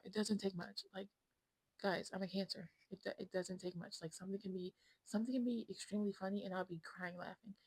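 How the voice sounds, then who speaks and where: Here a vlogger in her twenties talks to her phone at home with a mid-range, slightly rough voice. She's casual, rambling, frank and wrapped up in herself, frequently dropping to a whisper. The recording is dry and rough.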